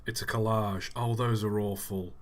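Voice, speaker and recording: A man's voice: lowish voice, steady tone, moderate pace. A man hosting a live stream in a casual, chatty way, reading out viewers' messages and answering them offhandedly.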